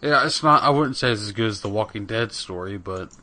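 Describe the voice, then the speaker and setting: Young male podcast co-host, bright tone, rambling and profane. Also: fairly low pitch, a little fast. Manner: rambling, profane, many fillers. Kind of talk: casual gaming chat.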